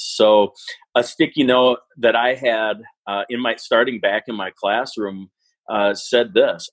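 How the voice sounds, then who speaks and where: A man who teaches a parenting class tells stories in casual, animated chat, acting out the voices he quotes. His voice is mid-range, and the recording is dry with poor audio.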